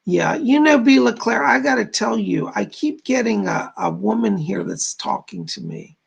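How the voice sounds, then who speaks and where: A man's voice: high-pitched, lively intonation, moderate pace, creaky, husky. A man hosting a live stream as a psychic medium, reading viewers' comments aloud and passing on spirit messages in an informal way. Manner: informal, repeats "I gotta tell you".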